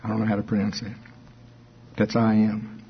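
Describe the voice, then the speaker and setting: A man's voice: fairly low pitch, completely flat delivery, normal speed, slightly rough. A man teaching from the Bible in a sermon, explaining verses conversationally with asides. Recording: dull lo-fi recording.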